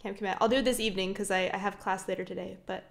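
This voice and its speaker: A woman chatting casually on a live stream, reading chat and giggling often, with soft, mumbly trailing speech. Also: mid-range voice, fairly even intonation, rapid-fire, gravelly. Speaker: streamer and singer.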